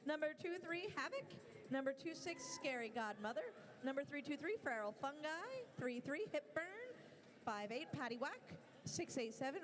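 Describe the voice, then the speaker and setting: A woman with a New Jersey accent announcing a roller derby, reading out the team roster live. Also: high voice.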